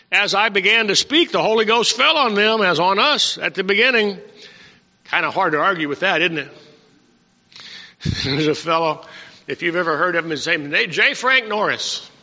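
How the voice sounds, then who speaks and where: An older male pastor delivers a folksy sermon, calling out to people in the pews. His voice is high, bright and gravelly. The recording is dull and lo-fi, with long reverb from the church hall. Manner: folksy preaching with asides to the congregation. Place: church sanctuary.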